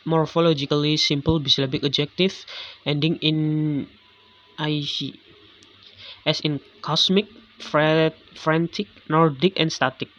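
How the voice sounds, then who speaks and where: A man's voice: a little high, fairly even intonation, unhurried, a bit bright. A man reading a lesson on English word stress aloud, with frequent restarts on words. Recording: dull lo-fi recording.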